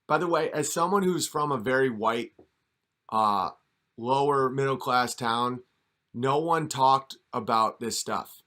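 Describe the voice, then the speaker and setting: A man's voice: mid-range voice, expressive, a little slow, bright, forceful tone. A man giving a mocking, sarcastic comedic commentary rant while reacting to a video.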